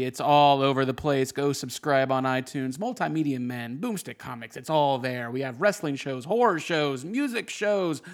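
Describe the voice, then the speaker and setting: Animated, jokey male podcast host. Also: vocal fry. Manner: animated and jokey, swears freely, big swings in pitch. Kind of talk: casual podcast review.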